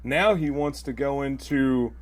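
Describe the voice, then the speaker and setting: A man's voice: medium pitch, a little slow. A man appearing as a guest on a podcast, talking in a rambling way with lots of "you know" and "right?". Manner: rambling, filler-heavy with tag questions. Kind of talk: casual podcast chat.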